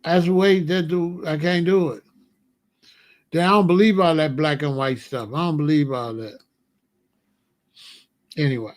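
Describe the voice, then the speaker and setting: A man's voice: fairly high pitch, darkish tone. A man hosting his own show, delivering a casual comedic monologue full of rhetorical questions and chuckling asides. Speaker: host.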